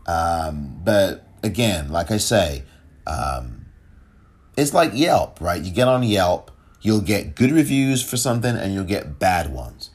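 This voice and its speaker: Deep husky-voiced man, podcast host. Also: very animated, slow pace. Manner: emphatic, rhetorical questions, stumbles over words. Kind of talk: solo podcast commentary.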